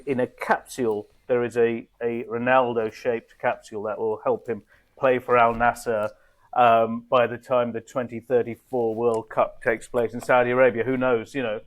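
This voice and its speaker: Wry man on a podcast. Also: medium pitch. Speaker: podcast panelist. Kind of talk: casual panel chat.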